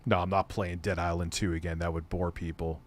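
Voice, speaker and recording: Deep-voiced and a little fast, a middle-aged commentary host keeps his pitch fairly flat as he rambles, swears often and laughs easily on a casual stream. No room sound comes through.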